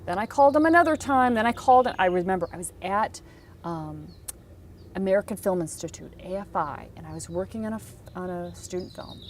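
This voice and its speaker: A woman teaching career advice in casual talk, telling stories with animated delivery and acting out the people she quotes. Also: mid-range voice, a little fast, slight background noise. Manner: animated storytelling, acts out quotes.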